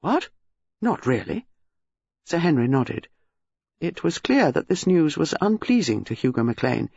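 A man narrating an audiobook in a measured, expressive way. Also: a little high, creaky, slightly rough, no echo. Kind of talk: scripted narration. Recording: dry slightly dull studio sound.

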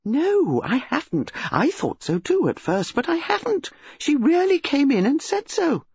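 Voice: high-pitched, sing-song, unhurried, creaky, darkish tone, no room sound, voice pushed up, full character voice. A reader doing an urgent, insistent lady of the house. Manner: urgent, firm. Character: insistent upper-class English wife. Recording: dull lo-fi recording.

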